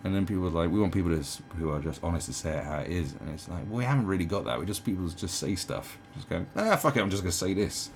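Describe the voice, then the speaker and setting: Man, deep voice, very lively swings in pitch, sarcastic profane rant, faint room ambience. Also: racing, few pauses, a little hiss or hum. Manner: sarcastic, mocking, profane, does mocking quoted voices. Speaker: commentary channel host. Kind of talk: casual ranting monologue. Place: indoors at home.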